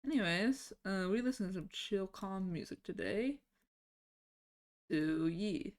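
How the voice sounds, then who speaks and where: A woman's voice: mid-range voice, lively intonation, measured pace. A woman streaming live from home, chatting casually with her viewers, easily sidetracked and swearing now and then. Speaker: livestreamer.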